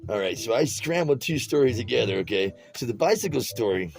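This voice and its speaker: A man's voice: medium pitch, lively intonation, brisk, vocal fry, low-quality recording. Rambling man telling stories while crafting. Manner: rambling, restarts and drifts between stories; casual, streetwise speech. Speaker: tie-dye demonstrator. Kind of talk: storytelling while demonstrating a craft.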